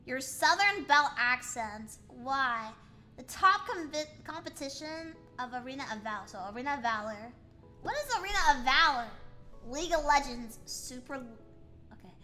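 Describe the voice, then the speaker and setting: A woman from the United States streaming as a VTuber, chatting in a playful, questioning way. Her voice sits high and sounds bright, with faint music playing underneath. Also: expressive, moderate pace. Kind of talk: casual livestream chat reading chat aloud.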